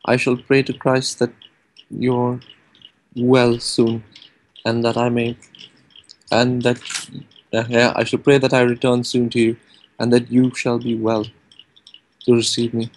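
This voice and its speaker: An earnest, devout young knight in a tabletop game, as a man puts him on, speaking in formal, courtly phrases. Mid-pitched and sincere. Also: monotone, unhurried, long pauses, a little hiss or hum, lightly acted. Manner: formal, old-fashioned courtly speech.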